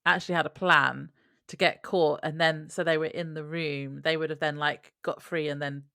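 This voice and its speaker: A woman co-hosting a podcast, chatting casually and thinking aloud in halting, restarting sentences. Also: deep voice, level tone, vocal fry, sharp tone, clean tone, dry recording, clean studio sound. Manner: hesitant, thinks aloud with fillers and restarts, laughs along. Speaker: podcast co-host. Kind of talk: casual recap chat.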